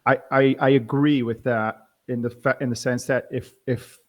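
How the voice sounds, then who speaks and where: A man's voice: mid-range voice, steady tone, moderate pace. A man moderating a panel talk, asking hesitant questions that he keeps rephrasing. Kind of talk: conversational panel discussion.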